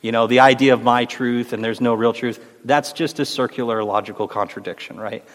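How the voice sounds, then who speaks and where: A man's voice: medium pitch, fairly even intonation, a little fast. A man hosting a Christian talk show, speaking earnestly and encouragingly in a preacherly way. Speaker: host. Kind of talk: faith discussion on a Christian podcast. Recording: roomy with long reverb.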